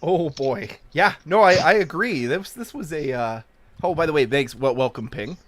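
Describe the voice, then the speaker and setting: Excitable high-voiced man hosting a live chat. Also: moderate pace. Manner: excitable, laughs often, swings from loud cheering to low asides. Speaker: podcast host. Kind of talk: casual live-stream chat.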